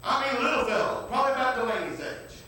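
A preacher with a high, bright voice spins a folksy story from the pulpit and keeps breaking in with hallelujahs and amens. He sounds some way from the mic. The church around him echoes heavily. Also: animated, quick pace. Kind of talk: storytelling sermon. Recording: very echoey room, distant mic.

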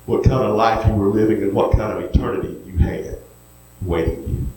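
A man with a drawl delivers a sermon in a low voice. He tells stories in a folksy way and then pleads gently. The sound rings through a big, echoey hall with a faint hum of noise behind it. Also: moderate pace. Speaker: preacher.

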